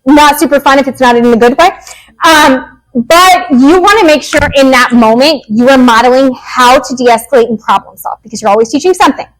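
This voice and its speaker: A woman in her thirties, a behavior analyst, giving a casual, animated workshop talk to parents in a meeting room and acting out quoted lines. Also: high voice, a little fast, poor audio. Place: meeting room with a live audience.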